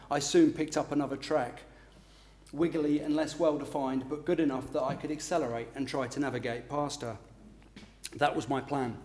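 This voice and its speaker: A man's voice: on the high side, darkish tone. A middle-aged man, an author from England, giving a self-deprecating talk with filler ums and then reading a passage from his book.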